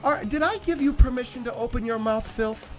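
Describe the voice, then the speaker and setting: A man voicing a domineering, bossy woman who calls in to a radio show, snapping orders slowly and primly. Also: extremely high pitch, soft background music, voice pushed up. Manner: commanding, slow and prim, snapping orders. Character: bossy domineering middle-aged woman caller, scolding. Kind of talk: comedic radio character acting.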